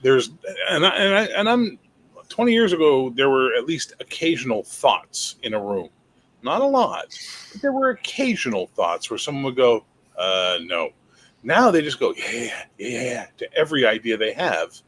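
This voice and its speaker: A man's voice: mid-range voice, big pitch swings, moderate pace, fairly bright tone. Sarcastic podcast guest, a man. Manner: sarcastic, jokey, mock voices. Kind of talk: casual chat.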